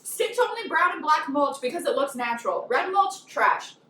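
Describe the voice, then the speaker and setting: A woman co-hosting a casual hot wing interview at home, talking in an animated, ranting way. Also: high voice, normal speed. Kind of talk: casual chat. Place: home room. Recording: echoey room, mic far off.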